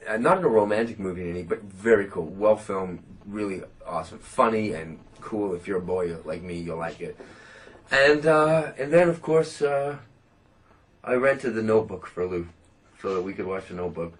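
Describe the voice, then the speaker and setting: A man's voice: fairly low pitch, animated, moderate pace. A Canadian man answering interview questions in a joking, self-mocking, rambling way. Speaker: interview guest. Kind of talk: playful interview chat.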